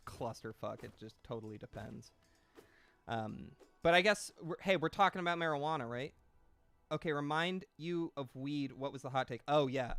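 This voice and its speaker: A man's voice: mid-range voice, creaky, a bit bright, no room sound. Young male streamer, late twenties, loose rambling chat with plenty of swearing, self-mocking and easygoing, at a desk mic. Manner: rambling, self-deprecating, swears freely, reads chat aloud. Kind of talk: casual gaming stream chat.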